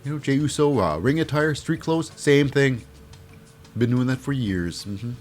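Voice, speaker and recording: A man's voice: mid-range voice, lively intonation, moderate pace, soft background music. A man giving a casual, jokey recap of a wrestling show. He rambles and fills his talk with "uh" and "you know".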